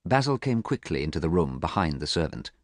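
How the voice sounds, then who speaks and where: A man narrating a simple storybook in a clear, measured reading. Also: sits low, sing-song, no echo, clean studio sound. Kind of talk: scripted audiobook narration.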